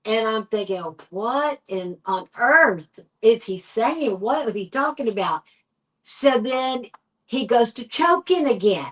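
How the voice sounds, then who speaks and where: A woman with a Texan accent, a paranormal investigator, telling a story in a podcast interview and acting out the quoted dialogue in an animated way. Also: fairly high pitch, slow pace, low-quality recording. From United States.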